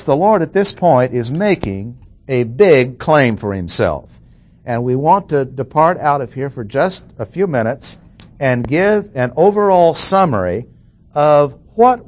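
A middle-aged man teaching through scripture at an unhurried, measured pace, with a mid-range voice. He works through the text point by point and repeats key phrases so they land. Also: mid-range voice. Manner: slow, deliberate, repeats key phrases for emphasis. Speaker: Bible teacher. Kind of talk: expository Bible lesson.

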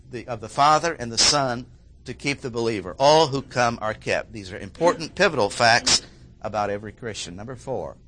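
A man preaching an expository sermon, repeating key phrases for emphasis and often clearing his throat. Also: medium pitch, sharp tone.

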